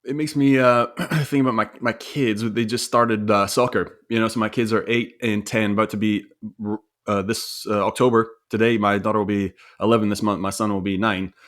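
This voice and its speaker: A man's voice: on the low side, fairly even intonation, moderate pace, a bit bright. Earnest man telling a family story. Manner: reflective, earnest, with frequent restarts. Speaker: podcast co-host. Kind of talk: casual conversational storytelling.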